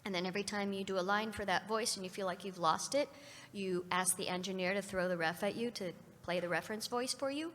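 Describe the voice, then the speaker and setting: Bright, animated middle-aged woman in a hall. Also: mid-range voice, fast, a little hiss or hum. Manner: animated, playful storyteller. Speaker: voice actor, panel guest. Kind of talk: convention panel Q&A. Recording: reverberant convention hall.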